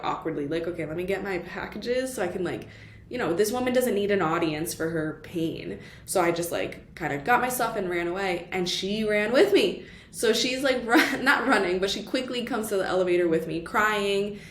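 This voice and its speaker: A woman's voice: on the low side, slight background noise. A woman chatting casually about a book she read, with lots of "like" and "you know" fillers and the odd Spanish phrase. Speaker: book vlogger. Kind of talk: casual book review chat. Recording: echoey room with faint ambience.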